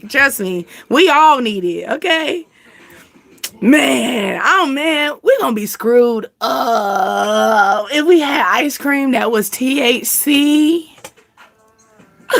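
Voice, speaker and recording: A woman hosting her channel in loose, slangy chat. Her voice sits high and bright, and she keeps an unhurried pace, breaking into laughter again and again. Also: creaky. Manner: animated, laughing often, slangy. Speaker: channel host. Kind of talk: casual chat.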